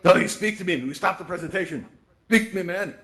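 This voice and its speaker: A man's voice: high voice, fast, fairly bright tone. A man hosting a virtual reality tutorial event, talking casually and often tagging his sentences with "right?" and "you know", into a headset microphone. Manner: chatty, tags lines with "right?" and "you know". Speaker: host presenting a VR tutorial event. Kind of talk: casual spoken presentation.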